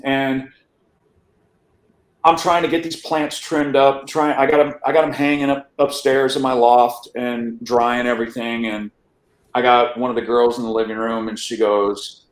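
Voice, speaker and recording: A man's voice: mid-range voice, flat delivery, moderate pace, echoey room. A man guest on a podcast, telling his life story in a rambling casual way, often restarting words and checking in with "right?". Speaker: interview guest.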